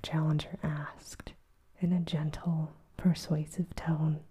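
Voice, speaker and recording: Woman's slow whispered story reading. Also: low voice, level tone, slight background noise. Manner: soft, measured storytelling. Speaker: narrator. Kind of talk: whispered role-play.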